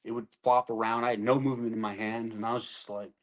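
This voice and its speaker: A man's voice: medium pitch, level tone, fast talker, rough recording. Blunt, foul-mouthed man telling war story. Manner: blunt, heavy swearing. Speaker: army veteran telling his story. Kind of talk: candid casual storytelling.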